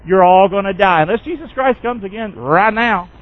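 Man pastor, high voice, folksy call-and-response sermon, muffled lo-fi recording. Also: animated, moderate pace.

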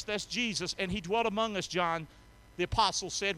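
A male pastor preaching a sermon in a church, drawing call-and-response from the congregation and swinging from soft asides to shouted emphasis. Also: high-pitched, moderate pace. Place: church sanctuary.

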